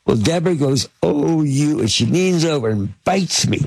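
Older male guest, husky gravelly storyteller, dry close sound. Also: medium pitch, lively intonation, moderate pace, dry recording. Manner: rambling, with many fillers, restarts and acted-out quotes. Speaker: interview guest, film producer. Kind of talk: casual anecdotal storytelling.

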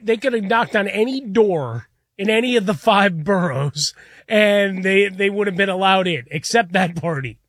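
A man's voice: sits high, normal speed, a bit bright, dry recording, clean studio sound. A male co-host in casual sports banter, teasing and wry.

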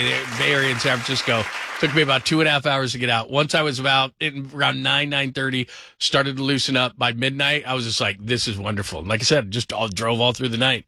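Bright-voiced man hosting late-night radio. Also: medium pitch, gravelly, slight background noise. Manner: upbeat, laughs easily, reads phone number often. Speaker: sports radio host. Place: radio studio. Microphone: studio microphone.

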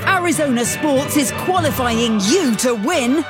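A woman's voice: high-pitched, lively intonation, a little slow. A woman reading an upbeat scripted radio contest promo. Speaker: promo announcer. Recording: promo over loud music.

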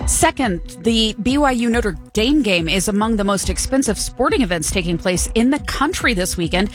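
A woman reading brief radio news headlines in a brisk, matter-of-fact way. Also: mid-range voice, animated, faint music behind.

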